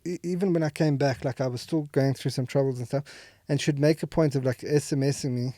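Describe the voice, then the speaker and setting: A man's voice: medium pitch, fairly even intonation, quick pace, dark tone, dry recording, studio quality. A man talking candidly as a podcast guest, rambling with many fillers and restarts. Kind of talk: candid emotional conversation. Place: podcast studio.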